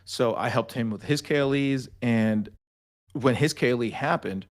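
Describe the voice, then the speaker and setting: At a medium pitch and normal speed, a young army veteran on a podcast spins casual war stories, animated and foul-mouthed, performing the dialogue of the people in them.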